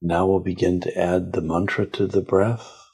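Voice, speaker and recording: A man, a spiritual teacher on a podcast, calmly and slowly guiding a breath meditation. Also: deep voice, vocal fry, husky. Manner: calm, slow, gentle guiding. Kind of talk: guided meditation instruction.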